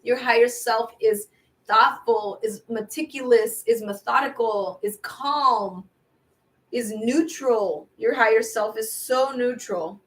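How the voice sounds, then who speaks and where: A woman's voice: on the high side, slow. A woman tarot reader giving a casual spiritual pep talk, repeating affirmations and calling her viewers babies, with watery eyes. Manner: chatty and repetitive, calls viewers babies. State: watery eyes from air purifier.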